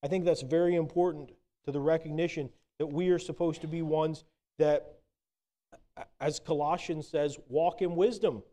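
A man preaching a sermon in a relaxed, conversational storytelling way, with some hesitant restarts. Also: fairly high pitch, normal speed.

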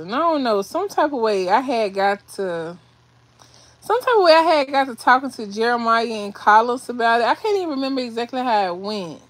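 A woman livestreaming from her phone, her voice pitched a little high. She rambles through an emotional story, restarting and repeating phrases, audibly shaken. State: shaky, emotional. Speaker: vlogger doing a livestream. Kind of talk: emotional casual storytelling to viewers. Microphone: phone or webcam on a livestream.

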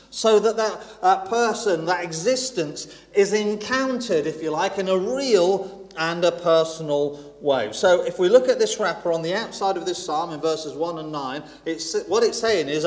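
A man preaching a sermon in a chatty, self-deprecating way, stressing points by repeating them. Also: sits high. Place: church hall. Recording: echoey church hall with long reverb.

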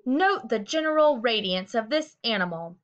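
A woman's voice: on the high side, animated, normal speed, lightly acted. Formal, speechifying male fair announcer voiced by a woman, storybook reading, dull lo-fi sound. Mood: grandiose. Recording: dull lo-fi recording.

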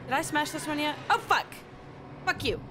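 Woman gamer, high voice, scared, swears and repeats herself, loud noise behind. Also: lively intonation, moderate pace. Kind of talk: horror game let's-play commentary. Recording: noisy with game sound behind.

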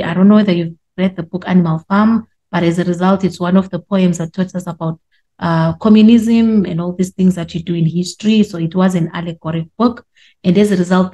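A woman teaching a class, explaining slowly with repetition and stretched words for emphasis. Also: on the low side, warm tone. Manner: explanatory, repeats points and drags out words for emphasis. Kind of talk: classroom lesson.

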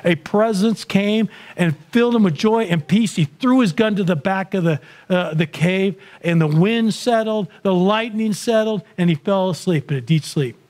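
A man's voice: high-pitched, moderate pace, hardly any pauses, darkish tone. A man giving a sermon in a church, telling a conversion story in an earnest way that builds intensity. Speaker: guest speaker.

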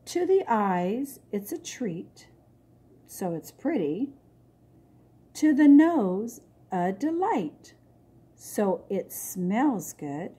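A woman's voice: mid-range voice, very animated, very slow, mellow, breathy edge, full character voice. A woman reading aloud voices a sweet, eager teenage princess in a storybook, with breathless, wide-eyed exclamations. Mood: thoughtful.

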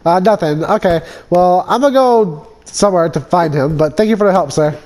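A young man hosting a gaming video, chatting casually with friends and yelling excitedly when things go wrong. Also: high voice, brisk. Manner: excitable, laughs often, yells when chased. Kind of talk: casual game chat with friends.

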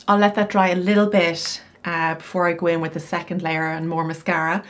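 A woman's voice: fairly low pitch, little pitch movement, fairly quick, a little hiss or hum. A middle-aged woman style coach talking through her makeup routine in a chatty, explanatory way, with casual asides. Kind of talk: makeup tutorial.

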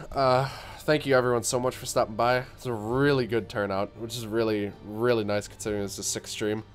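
A man's voice: mid-range voice, flat delivery, a little fast, hardly any pauses, faint music behind. A young man livestreaming a game while sick and tired, chatting casually with viewers, with frequent fillers, restarts and the odd voice crack. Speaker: gaming livestreamer.

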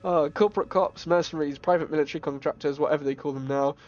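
A man streaming a horror game, talking in a jokey, excitable way with yelps and laughs. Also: on the high side, rapid-fire, lo-fi sound. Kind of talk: gaming commentary.

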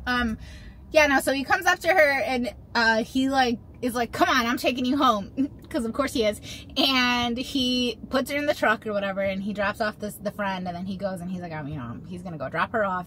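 This thirty-something mom vlogs casually into her phone from the car and around town, spinning playful, meandering stories. The voice is medium-pitched and slightly bright, with a little hiss or hum in the recording.

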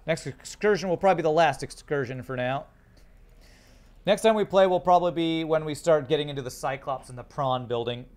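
A man streaming a game, thinking out loud and chatting to his viewers in a casual way. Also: a little high, fairly quick. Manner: thinks aloud, chats to viewers. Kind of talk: casual live-stream gameplay commentary.

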